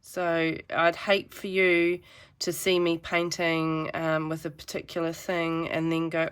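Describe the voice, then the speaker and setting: A woman's voice: deep voice, monotone, unhurried, hardly any pauses, smooth. A woman giving a chatty, rambling painting tutorial with self-deprecating asides. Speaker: art teacher.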